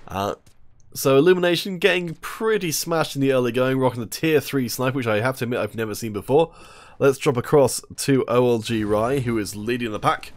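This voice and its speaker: A male esports caster commentates an online shooter tournament live, chatting with viewers, reading their messages aloud, and joking with them between plays. His voice is mid-range and a bit fast.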